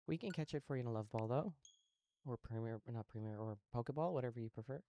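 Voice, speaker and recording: A man live-streaming a game, chatting casually with viewers while he plays, relaxed and a little sleepy. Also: medium pitch, fast talker, no room sound. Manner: relaxed, talks to chat while playing, yawning.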